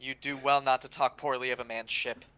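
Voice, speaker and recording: A hesitant, evasive sailor far from home, played by a man. He stalls with ums, then snaps when his ship is insulted. His voice is bright and crisp, recorded dry and close. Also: medium pitch, level tone, brisk, no echo, lightly acted.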